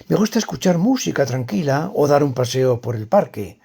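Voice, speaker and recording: A man's voice: medium pitch, expressive, fast, vocal fry, darkish tone, slightly rough. A man reading a scripted dialogue as a tired, stressed woman who opens up to a friend. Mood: weary.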